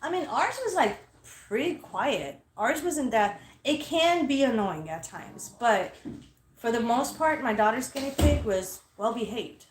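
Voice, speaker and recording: A woman casually telling a story, animated and profane, quoting herself loudly. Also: on the high side, measured pace, reverberant.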